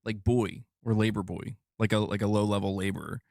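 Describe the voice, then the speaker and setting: A man's voice: lowish voice, fairly even intonation, brisk, gravelly, darkish tone, no room sound, studio quality. A man talking casually on a livestream, joking and ribbing his chat. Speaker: streamer shown in a clip.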